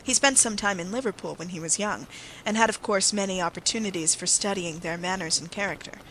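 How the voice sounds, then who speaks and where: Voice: medium pitch, brisk, a bit bright, slight background noise, natural voice, rough recording. A narrator voicing a bitter Victorian secretary. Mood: emphatic. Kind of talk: audiobook character reading.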